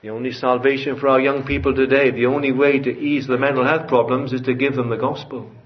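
A man's voice: mid-range voice, flat delivery, a little fast. A man preaching a sermon in a church, earnest and building to fervent emphasis. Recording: dull lo-fi church recording.

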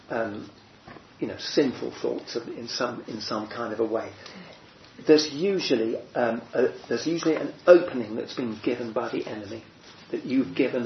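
A man's voice: on the high side, a little hiss or hum. A man teaching a small group in a chatty way, full of fillers and restarts, asking his listeners questions. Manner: conversational, many fillers and restarts, asks the room questions. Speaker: preacher. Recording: muffled roomy recording.

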